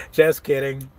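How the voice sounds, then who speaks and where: A man's voice: medium pitch, darkish tone. A truck-driving man in casual live-stream chat, laid-back, laughing often and reading viewer comments aloud. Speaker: truck driver vlogger.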